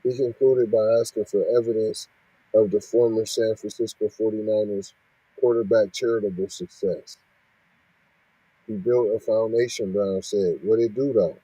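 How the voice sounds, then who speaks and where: A man reads out news and keeps cutting in to scold, firing off rhetorical questions. His voice is dark and husky. It is recorded dry and close. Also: lowish voice, steady tone, a little slow, no echo, rough recording. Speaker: podcast host reacting to news. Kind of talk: reading and ranting commentary.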